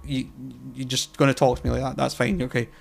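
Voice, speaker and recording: A man's voice: medium pitch, little pitch movement, quick pace, vocal fry. Man, podcast co-host, casual chat, sweary storyteller, acts out quotes.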